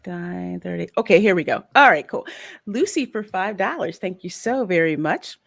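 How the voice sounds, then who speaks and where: A woman co-hosting a casual pop-culture podcast chat, animated and quick to laugh. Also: lowish voice, vocal fry. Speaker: podcast co-host.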